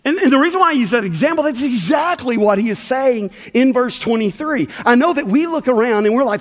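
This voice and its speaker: A middle-aged man, preaching in a church sanctuary. His voice sits high and swings widely as he tells folksy stories and plays out the dialogue. The sound carries a long hall reverb. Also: a little fast, hardly any pauses. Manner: animated, folksy storytelling with acted-out dialogue. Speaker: pastor. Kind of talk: sermon with personal storytelling.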